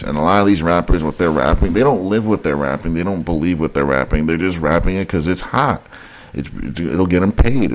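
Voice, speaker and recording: A man with a very deep voice delivers a heated vlog rant. He repeats himself, circles back and keeps addressing his viewers as guys. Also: darkish tone. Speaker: vlogger. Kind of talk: ranting monologue to camera.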